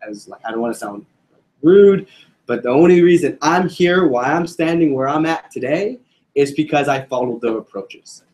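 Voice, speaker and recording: A man's voice: a little high, expressive, normal speed, a little mellow. A young man giving a casual sales training talk to a group, joking and quizzing his listeners. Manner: casual, joking, addresses audience with questions.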